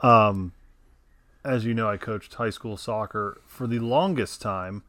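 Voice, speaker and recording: A man's voice: lowish voice, slow pace, bright, forceful tone, no room sound. A man co-hosting a casual podcast chat, dropping short dry interjections. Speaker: podcast co-host.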